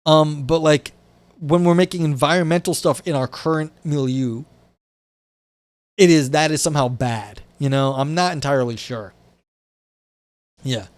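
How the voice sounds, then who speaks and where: A man's voice: fairly high pitch, normal speed, pauses often, no echo. Wry, swearing male streamer. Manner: profane, wry, full of "like" and restarts. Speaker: streamer reading philosophy with chat. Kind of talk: casual live-stream commentary. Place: indoors at a desk by a window.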